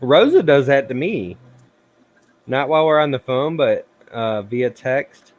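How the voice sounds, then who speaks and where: Man, stream host, casual chat, animated storyteller, does quoted voices. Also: mid-range voice, a little slow, dry recording, muffled recording. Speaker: livestream host.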